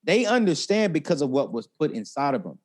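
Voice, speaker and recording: A man in an interview, a personal finance expert telling stories expressively, acting out quotes and talking freely. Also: a little fast. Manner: expressive, acts out quotes with big pitch jumps, talkative. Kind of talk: animated interview storytelling.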